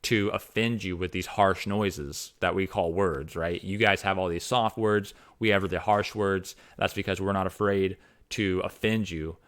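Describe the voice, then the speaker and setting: Rambling man, low voice. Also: fairly even intonation, unhurried. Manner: rambling, many restarts and fillers. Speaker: fantasy author. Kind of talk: casual opinion monologue.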